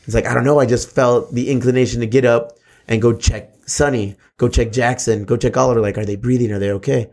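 A man's voice: mid-range voice, steady tone, quick pace, darkish tone. A man, chatting casually on a podcast, laid-back and swearing often. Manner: laid-back, swearing, says bro a lot. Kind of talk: casual chat.

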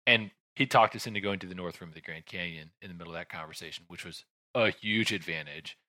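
A low-pitched man in his thirties with a very bright, forceful tone spins a casual, rambling story. He restarts sentences, sighs and drifts into asides. The sound is dry and close. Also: quick pace, no echo. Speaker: podcast host telling a travel story. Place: home room with a shelf behind him.

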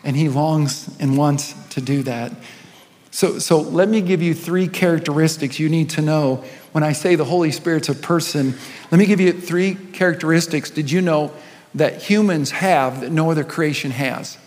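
A man who serves as senior pastor delivers a story-driven sermon at a moderate pace, his intensity ebbing and surging. His fairly high voice is a little mellow, and the church auditorium recording has long hall reverb.

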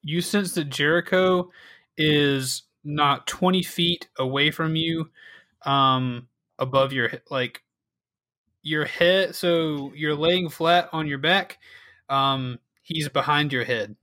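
A man's voice: a little high, slow pace, sharp tone, dry recording. A man running a tabletop game as game master, describing wounds and rules with frequent fillers.

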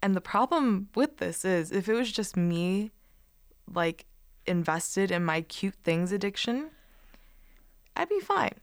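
A woman's voice: mid-range voice, lively intonation, slow pace, long pauses, no echo, clean studio sound. A young woman co-hosting a podcast, chatting casually and playfully with a friend, often giggling. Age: young adult. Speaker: podcast co-host.

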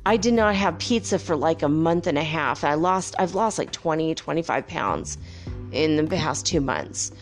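A woman vlogger casually telling viewers a rambling, animated story, with playful whoops and laughs. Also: low-pitched, normal speed, faint music behind. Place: home by the Pacific.

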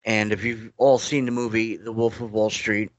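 A middle-aged New Yorker, appearing as a guest in a casual interview, tells stories in a loose, rambling way, often restarting sentences and acting out quoted dialogue. His voice is fairly low with little pitch movement, at a normal speed.

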